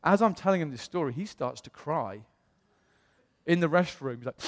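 British male pastor, lively storytelling sermon, slightly high voice, long church-hall reverb. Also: normal speed. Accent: British English. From England. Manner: animated storyteller, acts out quoted voices. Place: church auditorium.

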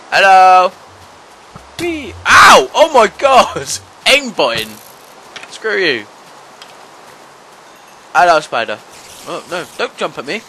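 A young man giving let's-play commentary, talking to the monsters and yelping and shouting whenever they hit him. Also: high-pitched, slight background noise, rough recording. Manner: talks to monsters, yelps and shouts when hit. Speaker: gaming channel host.

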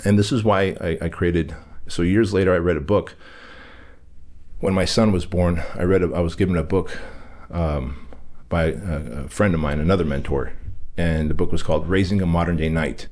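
Deep-voiced man telling a personal story. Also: moderate pace, a little mellow. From Armenia. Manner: candid, emphatic, acts out quoted dialogue. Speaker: podcast guest.

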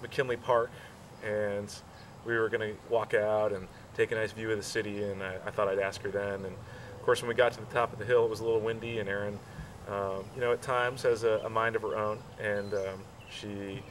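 Low-voiced man telling a slow, halting story. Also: fairly even intonation, far from the mic, a little hiss or hum, poor audio. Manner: slow, halting, many fillers and restarts. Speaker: groom telling proposal story. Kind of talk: casual storytelling.

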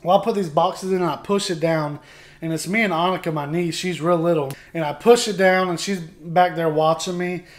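Guy rambling through a farm mishap story, kinda high voice, laughs at himself a lot. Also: moderate pace. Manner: animated, rambling, self-mocking storyteller. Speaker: homestead vlogger. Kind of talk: casual storytelling to camera.

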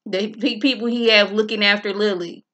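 A woman casually recapping a TV episode in an animated, colloquial way, acting out the characters' lines. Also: mid-range voice, normal speed, muffled recording. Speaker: TV show reviewer.

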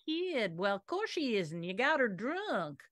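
A woman's voice: on the high side, very animated, a little slow, fairly bright tone, dry recording, clean studio sound. A woman improvising a flustered small-town woman with a put-on drawl on stage. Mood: fretting. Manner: flustered, repeats herself. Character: fussy, fretting Southern small-town woman. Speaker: improv performer. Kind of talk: live improv comedy scene. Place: theater stage.

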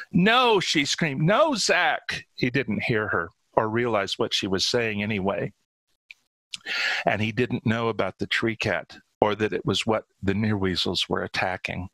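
A man reads his own short story aloud in steady, dramatic narration. His voice is low and forceful. The sound is close and dry. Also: dry recording, low-quality recording. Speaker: author.

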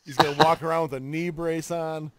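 A man's voice: a little high, fairly even intonation, a little fast, no room sound. A man co-hosting a podcast in casual banter, blunt and crude, often laughing through his lines. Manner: blunt, crude jokes, laughs mid-sentence. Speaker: podcast co-host.

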